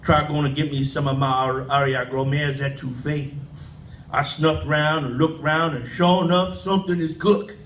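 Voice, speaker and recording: A man's voice: a little high, fairly even intonation, moderate pace, fairly bright tone, recorded from a distance, a little hiss or hum. A man giving a live poetry reading in folksy dialect. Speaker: poet. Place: indoor event room. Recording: echoey room, faint ambience.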